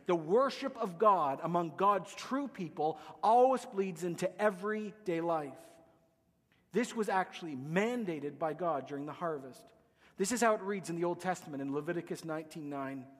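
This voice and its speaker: A man with a high voice preaches with emphasis, rising to loud declarations and dropping to hushed lines. His voice rings out with a long hall reverb, as in a church sanctuary. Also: expressive, normal speed. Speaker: pastor. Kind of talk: sermon.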